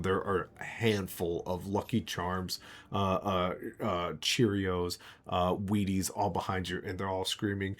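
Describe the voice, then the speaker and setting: A man narrating a tabletop game as game master. He has a lowish voice and rambles along, laughing often. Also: steady tone, moderate pace.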